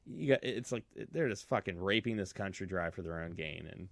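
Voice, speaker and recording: A man's voice: sits low, a little fast, no room sound. A man around forty hosting a casual political talk show, ranting in a fired-up, profane way. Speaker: podcast host.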